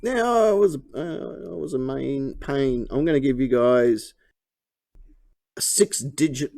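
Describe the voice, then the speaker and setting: A man's voice: mid-range voice, takes it slowly, vocal fry, mellow. A man hosting a live comedy panel show, cracking jokes and laughing at his own gags.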